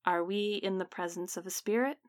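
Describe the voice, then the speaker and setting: A woman's voice: mid-range voice, a little fast, natural voice. A woman voicing a pompous male spirit medium who solemnly intones to the spirits at a séance. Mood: hushed. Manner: grandly intoning, calling on spirits.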